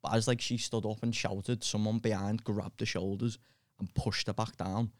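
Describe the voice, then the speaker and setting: A man's voice: lowish voice, level tone, moderate pace, no echo, clean studio sound. A male comedian telling rowdy gig stories on a podcast, laughing as he talks and swearing casually. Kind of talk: casual chat, storytelling.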